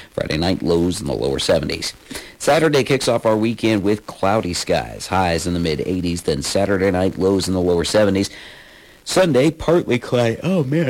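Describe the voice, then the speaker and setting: A man with a low, deep voice hosts a morning radio show from the studio. He reads the forecast and local road news in a casual, easygoing way, with plenty of fillers between the items. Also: low-quality recording.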